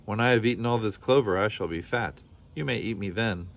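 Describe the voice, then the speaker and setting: A man's voice: on the low side, brisk, a little hiss or hum, close to an everyday voice. A man voicing a clever little female lamb who bleats and pleads. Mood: pleading.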